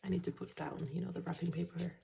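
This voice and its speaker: A woman from Finland talks through her journaling in a soft, gentle vlog voice, often sinking to a near whisper. Her tone is low and mellow, with a gravelly fry in it. Faint noise sits under her voice. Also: little pitch movement, fast. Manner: soft-spoken, gentle, slips into quiet whispers. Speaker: journaling channel host. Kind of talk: casual vlog talk.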